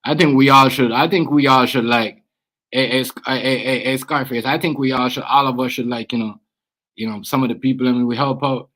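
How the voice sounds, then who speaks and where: Husky-voiced man livestreaming to chat. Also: mid-range voice, fairly quick, rough recording. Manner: animated, repetitive, streetwise slang, addresses chat directly. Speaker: livestream host. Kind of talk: casual livestream talk to chat.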